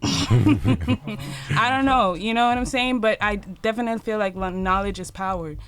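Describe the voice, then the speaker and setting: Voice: mid-range voice, big pitch swings, moderate pace. A podcast co-host sharing earnest, emphatic opinions in casual chat.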